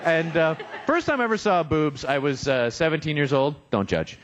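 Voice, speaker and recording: A man's voice: a little high, lively intonation, moderate pace, muffled recording. A young man doing a self-deprecating stand-up comedy set in a restaurant, acting out voices as he goes. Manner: self-deprecating, joking, acts out quoted voices. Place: restaurant stage, live.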